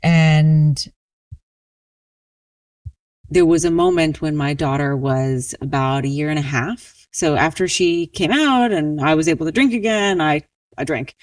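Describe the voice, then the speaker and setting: A woman in her forties from New Orleans, a resilience coach telling her personal story as a podcast guest in a slow, reflective, earnest way. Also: low voice, no echo. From New Orleans, USA.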